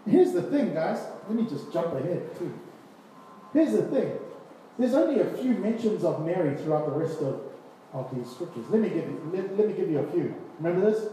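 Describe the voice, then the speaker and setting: High-voiced guy preaching, really animated, sounds far off in a big echoey room. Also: moderate pace, a little hiss or hum. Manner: animated, acts out scripture scenes with voices and laughs. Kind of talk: sermon. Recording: echoey hall, distant mic, faint ambience.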